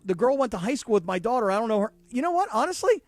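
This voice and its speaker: A man hosting a sports radio talk show, telling a story in an animated, emphatic way. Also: extremely high pitch, fast, dry recording.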